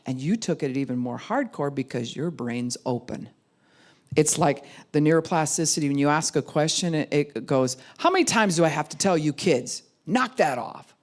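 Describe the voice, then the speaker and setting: Her voice is low with a darkish tone. This middle-aged woman pastor preaches in a conversational teaching style, performing the voices of those she quotes.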